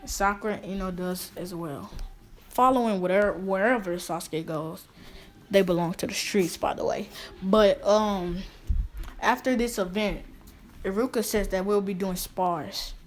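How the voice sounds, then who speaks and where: A woman's voice: mid-range voice, measured pace. A woman improvising a fan story, rambling with many restarts and fillers.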